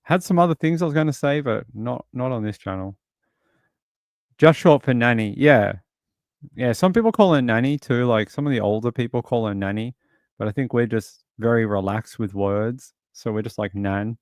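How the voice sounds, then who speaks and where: A man's voice: medium pitch, normal speed, darkish tone, dry recording, studio quality. An Australian man hosting a livestream, chatting casually and rambling through stories while answering viewers. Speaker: livestream host.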